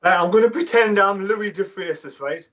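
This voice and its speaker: Man, high voice, blunt, swears freely, panel guest. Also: moderate pace, fairly bright tone. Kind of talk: casual live panel chat.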